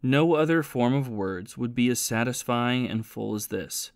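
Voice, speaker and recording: A man reading the part of a learned male scholar in an audiobook, earnest and measured as he teaches about prayer. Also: mid-range voice, expressive, no room sound. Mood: earnest, instructive. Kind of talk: audiobook reading of a spiritual classic.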